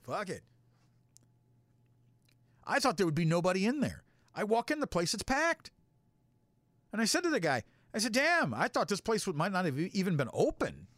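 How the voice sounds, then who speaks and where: A man spins a rambling, foul-mouthed story in a casual host's chat, his slightly high voice swinging widely in pitch. The sound is dry and close, with no room echo. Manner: profane, rambling, animated.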